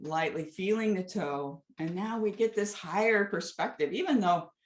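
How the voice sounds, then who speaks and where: Female movement teacher, unhurried and gentle, telling a story while she guides; roomy sound. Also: fairly low pitch. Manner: gentle, soothing guidance mixed with a story.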